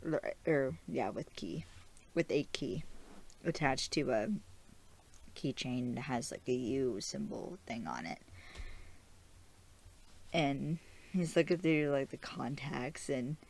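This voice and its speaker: A young woman hosts a podcast in a casual, rambling recap style. Her voice sits low and sounds mellow. She chats loosely, filling her talk with "like"s and restarts. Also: animated, slow, long pauses. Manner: chatty, rambling, with frequent "like" and restarts. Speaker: podcast host.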